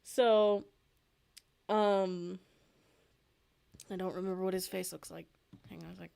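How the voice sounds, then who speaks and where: A woman's voice: on the low side, fairly even intonation, slow, gravelly, dark tone, clear, resonant tone. A woman in her twenties, chatting casually and rambling with lots of fillers while she draws on a livestream, easily amused. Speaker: streamer and artist.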